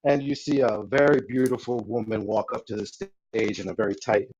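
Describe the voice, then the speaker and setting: A man's voice: on the low side, moderate pace, a little mellow, husky, highs cut off. A man narrating a tabletop game as game master, loose and rambling with lots of fillers.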